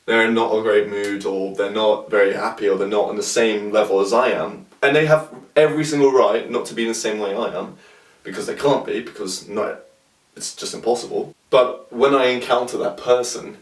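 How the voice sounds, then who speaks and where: Low-voiced man talking from afar. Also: fairly even intonation, normal speed. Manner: rambling, searching for words, with filler and restarts. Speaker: vlogger. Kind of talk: casual reflective talk to camera. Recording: roomy sound from a distant mic.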